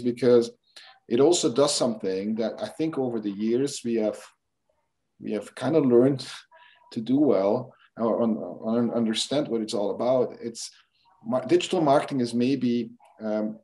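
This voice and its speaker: A man with a medium-pitched, warm voice is interviewed as a guest expert. He explains things at length, often restarting and using fillers.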